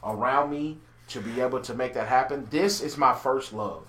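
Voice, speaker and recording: A man chatting casually on a podcast as host and business owner, an animated storyteller who stammers and repeats words. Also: medium pitch, normal speed. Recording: roomy echo.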